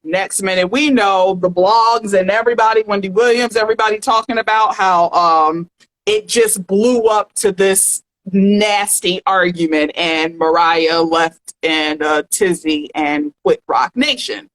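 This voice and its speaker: A woman's voice: medium pitch, steady tone, a little slow, rough recording. A woman hosting a pop culture podcast, sassy and slangy in casual chat. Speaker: podcast host.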